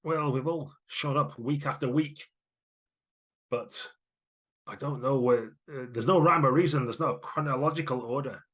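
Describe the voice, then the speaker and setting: A man's voice: normal speed, a bit bright, close to an everyday voice. A man voicing a brash, proud woman blacksmith who talks bluntly and teases. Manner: blunt, teasing, raised pitch.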